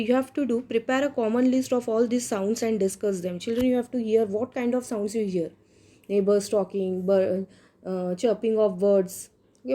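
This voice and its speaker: Mellow-voiced teacher explaining to children. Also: female voice, medium pitch. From India. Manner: asks "yes or no?" often, with fillers and restarts. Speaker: school teacher. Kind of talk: textbook lesson for children.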